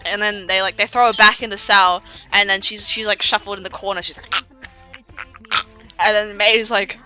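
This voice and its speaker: A woman's voice: medium pitch, fairly even intonation, normal speed, bright, forceful tone. A woman streamer casually retelling a story, rambling with many restarts and acting out the characters' lines. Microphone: desk streaming mic. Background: faint pop music.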